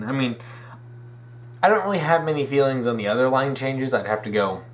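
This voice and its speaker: A young man hosting a casual fan commentary video, rambling, restarting his sentences and correcting himself with eager, opinionated enthusiasm. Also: mid-range voice. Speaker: video essay host.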